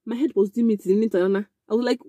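A young woman telling a casual storytime, animated and excitable, with frequent exclamations. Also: fairly high pitch, rapid-fire, no room sound. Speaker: vlogger.

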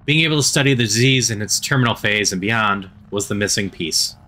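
Composed lady engineer-doctor, even and neutral, kinda dry, read by a guy in his own voice. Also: lowish voice, fairly quick. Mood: calm. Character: composed adult woman doctor and chief engineer, dry and reserved.

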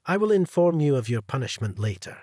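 A man's voice: mid-range voice, big pitch swings, a little fast, mellow, no echo, clean studio sound. A man voicing a stern company president. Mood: formal.

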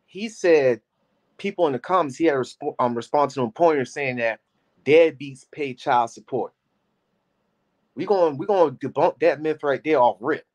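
A man's voice: on the high side, normal speed. A man hosting a live stream, reacting to a clip in a loose, slangy, chatty way. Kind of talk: casual live reaction commentary.

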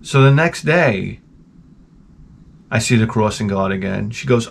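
Animated New guy telling stories. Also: fairly low pitch, measured pace, creaky, long pauses. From New York. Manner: animated, profane, sarcastic asides. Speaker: gaming channel host. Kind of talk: casual rambling storytelling.

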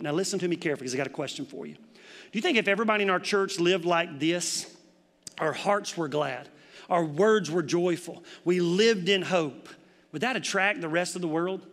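Man, pastor, emphatic sermon, high bright voice, church hall reverb. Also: a little fast. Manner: emphatic, conversational preaching with rhetorical questions. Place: church sanctuary.

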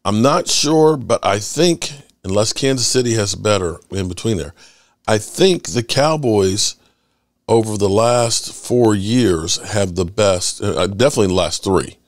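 Lowish guy rambling about football, tells stories all animated, dry close sound. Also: measured pace, no room sound. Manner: animated storyteller, swears freely. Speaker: sports channel host. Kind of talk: casual rambling fan chat.

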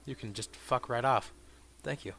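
A man giving profane gameplay commentary, muttering dry asides and bursting into shouted insults at enemies. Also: medium pitch, normal speed, creaky. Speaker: let's play gamer.

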